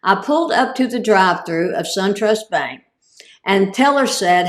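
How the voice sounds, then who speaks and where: A woman's voice: medium pitch, lively intonation, a little slow, fairly bright tone. Woman telling funny stories in an echoey room. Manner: comic, self-deprecating delivery. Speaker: guest speaker and cancer survivor. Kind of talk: humorous storytelling talk.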